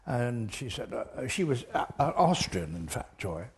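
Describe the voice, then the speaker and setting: Gravelly older man telling stories. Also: medium pitch, measured pace. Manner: animated, chuckling storyteller. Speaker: interview guest. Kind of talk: storytelling anecdotes in an interview.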